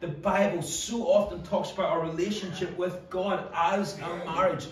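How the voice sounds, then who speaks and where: A Northern Irish man preaches to his congregation, earnest and direct, slipping into quick acted-out asides now and then. His fairly high voice rings around a very echoey church hall, picked up from some distance away. There is a faint hum of room noise underneath. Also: steady tone. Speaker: pastor. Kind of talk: sermon.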